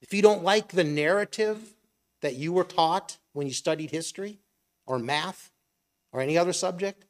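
A man's voice: sits high, animated, normal speed. Middle-aged man preaching with rhetorical questions. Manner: conversational, rhetorical questions, acts out imagined voices. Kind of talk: sermon.

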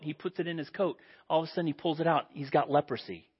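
A man preaches a sermon in a fairly high, husky voice, acting out the story's voices with lively delivery. The recording is dull and lo-fi. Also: quick pace, few pauses. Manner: animated storytelling, acts out quoted voices.

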